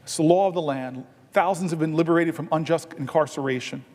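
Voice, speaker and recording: A senator giving an impassioned floor speech, telling stories and building to emphatic, drawn-out stresses. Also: male voice, a little high, darkish tone. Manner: earnest storytelling that swells into emphatic, drawn-out stresses. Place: large legislative chamber. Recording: long reverb of a large chamber.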